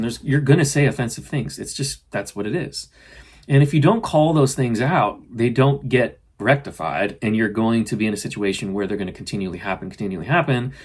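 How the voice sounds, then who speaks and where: A middle-aged man, host of a spiritual podcast, talking earnestly and gently about self-love, often voicing his own inner dialogue. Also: mid-range voice. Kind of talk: casual spiritual self-help talk.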